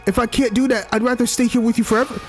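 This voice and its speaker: A man voicing a tearful, self-doubting young man who pleads in a high, strained voice. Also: fairly even intonation, racing, faint music behind. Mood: pleading.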